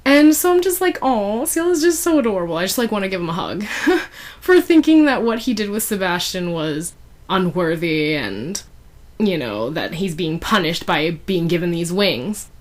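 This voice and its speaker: A woman's voice: lowish voice, expressive, normal speed. Chatty woman recapping a story. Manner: chatty, many fillers, giggly asides. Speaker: fan fiction reviewer. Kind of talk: casual chapter recap.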